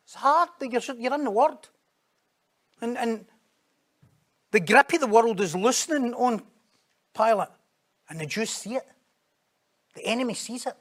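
A man preaching a sermon in an animated, conversational way, breaking into sudden loud, high bursts. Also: a little slow, long pauses.

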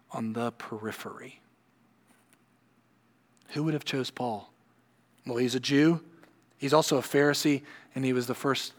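A man preaching a sermon, building to emphatic peaks and then dropping low and quiet. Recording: long hall reverb.

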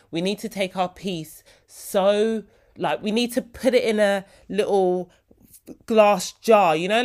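A young woman, hosting a casual solo podcast in a chatty, heartfelt way. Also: fairly low pitch. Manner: chatty, heartfelt, slips into quoted voices. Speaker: podcast host.

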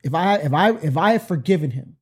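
A man's voice: a little high, lively intonation, fairly quick, a little mellow, slightly rough. A man reflecting on forgiveness in a candid faith talk, often repeating words as he searches for them.

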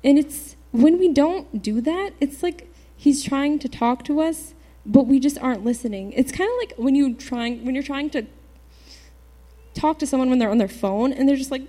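A teenage girl giving an earnest church testimony, halting, with many fillers and restarts. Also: sits high, warm tone. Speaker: youth speaker giving a testimony. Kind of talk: personal testimony to a church group.

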